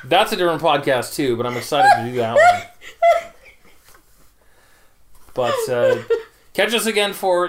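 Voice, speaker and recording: A man from Canada co-hosts a podcast in an easy, rambling chat. His voice sits a little high and swings widely in pitch as he tells stories. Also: slight background noise. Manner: rambling, animated storyteller. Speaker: podcast host. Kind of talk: casual chat.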